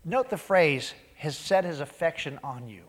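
A man preaching a sermon as pastor, animated, acting out quoted voices and dropping to a near-whisper for emphasis. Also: on the high side, measured pace. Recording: long hall reverb.

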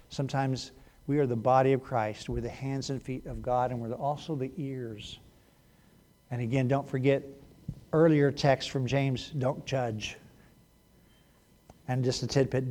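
A male pastor giving a sermon in a conversational way, moving between hushed moments and animated bursts. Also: fairly high pitch.

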